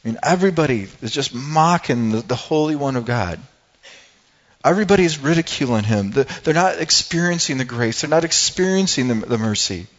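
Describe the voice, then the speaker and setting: Male pastor, mid-pitched, earnest sermon delivery; slightly dull recording in a church. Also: expressive, a little fast. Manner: earnest, emphatic preaching.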